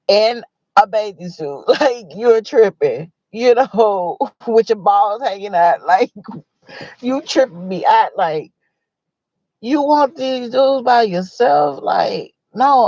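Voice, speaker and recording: A livestream host talking in a slow, unhurried way, animated and exclamatory, breaking into laughter as they retell what others said. The voice is mid-pitched and sits dry and close, with a slightly dull, lo-fi sound. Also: no room sound. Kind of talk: casual livestream commentary.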